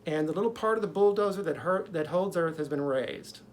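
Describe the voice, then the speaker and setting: A man's voice: a little high, animated, a little fast. A man casually retelling a dream in a rambling, conversational way, with lots of fillers and blunt swearing. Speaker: video creator recounting a dream.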